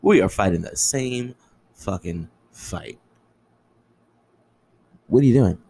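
A man's voice: fairly low pitch, expressive, slow pace, gravelly, dark tone, rough recording. A young man hosting a solo podcast, ranting in an impassioned, angry way with lots of swearing. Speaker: podcast host.

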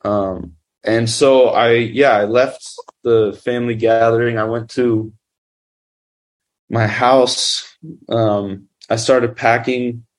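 A man's voice: medium pitch, fairly even intonation, slow. A man who makes documentaries, telling a story in a casual, rambling way, full of fillers. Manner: rambling, filler-heavy with constant "like". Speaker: documentary filmmaker.

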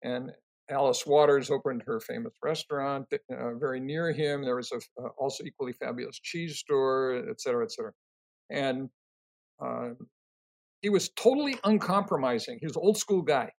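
An older man answering interview questions, telling rambling, animated stories full of fillers and restarts. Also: medium pitch, normal speed, gravelly. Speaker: interview guest, company co-founder.

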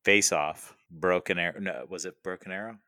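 A man's voice: low voice, moderate pace, sharp tone, no room sound, clean studio sound. A man co-hosting a casual movie podcast, upbeat and joking in easy banter. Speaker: podcast co-host.

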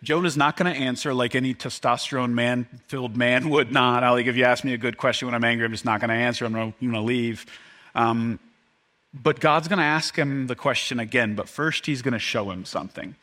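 A man preaching a sermon to his congregation, animated and joking, often acting out the voices of the people in the story. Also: mid-range voice, fairly quick. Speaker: pastor.

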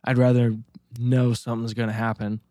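A man's voice: mid-range voice, little pitch movement, brisk, dark tone, no room sound, clean studio sound. A man co-hosting a casual podcast, telling rambling stories full of restarts and swearing. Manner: rambling, profane, storytelling with many restarts. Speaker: podcast co-host.

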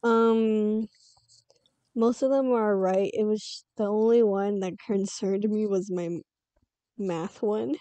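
A teenage girl in a casual chat, giving short, low-key answers. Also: steady tone, slow, mellow, no room sound. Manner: brief, low-key replies.

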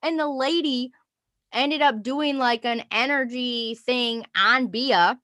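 A young woman chats with a friend and tells her stories with lively energy, acting out each quote. Her voice sits a bit high and sounds bright. The sound is close and dry. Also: slow pace, no echo. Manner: animated storyteller, acts out quotes, laughs often. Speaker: podcast co-host. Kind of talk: casual chat.

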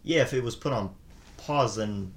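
A man's voice: mid-range voice, normal speed. A man co-hosting a casual podcast, easygoing and curious, asking the questions and musing aloud. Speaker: podcast co-host. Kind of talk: casual chat.

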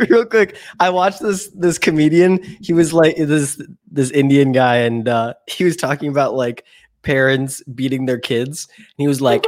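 A man's voice: mid-range voice, normal speed. A young man hosting a casual chat, telling stories with lots of laughter and swearing. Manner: animated storyteller, laughs often, swears freely. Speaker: podcast host.

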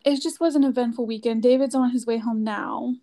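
A woman's voice: fairly high pitch, fairly even intonation, fairly quick, mellow. A woman chatting casually, telling a story with lots of "like" fillers. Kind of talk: casual chat.

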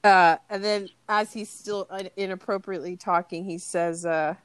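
A woman's voice: fairly low pitch, fairly even intonation, moderate pace, clear, resonant tone, no echo. A woman co-hosting a podcast, chatting casually about movie scenes, laughing and swearing freely. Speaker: podcast co-host. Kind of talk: casual chat recapping movie quotes.

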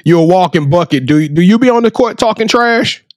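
A man's voice: sits high, lively intonation, fairly quick, a little mellow, dry recording, studio quality. A man hosting a casual sports interview, playful and hyping up his guest, often repeating words as he talks. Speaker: host.

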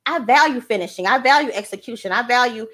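A woman working as a transparency coach, talking in a casual, energetic and emphatic way, often repeating her phrases. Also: fairly high pitch, quick pace. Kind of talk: casual chat.

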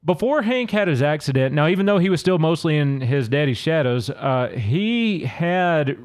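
A man's voice: fairly high pitch, sing-song, normal speed, darkish tone. Man casually explaining song lyrics. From Louisiana. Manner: casual, conversational, reads lyrics aloud between explanations. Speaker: podcast host. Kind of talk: solo podcast commentary on song lyrics.

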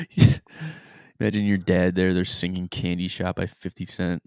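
A young man with a low voice co-hosts a casual podcast. He talks easily, laughs a lot, and runs through sports betting picks. The recording is dry and close. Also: dry recording. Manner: relaxed, laughs often, gives betting picks. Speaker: podcast co-host. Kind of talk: casual chat.

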